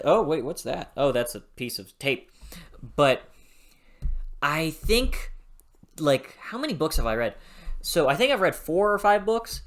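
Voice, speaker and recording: In a casual vlog, a young adult with a mid-range voice reviews a book, rambling and gushing before bursting into loud, sweary rants.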